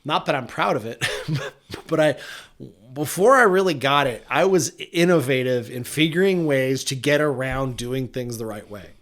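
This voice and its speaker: A man's voice: mid-range voice, normal speed, a bit bright. A man speaking as a podcast guest, talking in an earnest, reflective way and laughing often. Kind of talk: casual motivational podcast talk.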